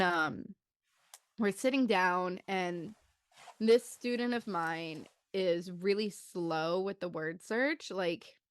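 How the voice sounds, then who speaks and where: A young woman in her twenties co-hosting a podcast. She tells a story in a loose, chatty way, full of "like"s, and acts out the children's voices with big jumps in pitch. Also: clear, resonant tone, dry recording, clean studio sound. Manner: loose, chatty telling with many "like"s. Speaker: podcast co-host. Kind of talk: casual storytelling chat.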